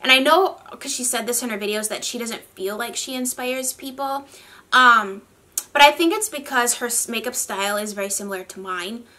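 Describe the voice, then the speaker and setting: A woman from the northern United States chatting casually as a beauty vlogger, rambly and quick to laugh. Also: a little high, pushed and bright. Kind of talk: casual chat.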